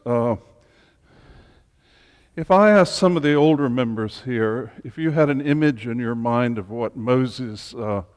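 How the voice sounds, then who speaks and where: A man's voice: mid-range voice, a little mellow. A man leading a Bible study group, teaching in an informal, chatty way with humorous asides. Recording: long reverb in a hall.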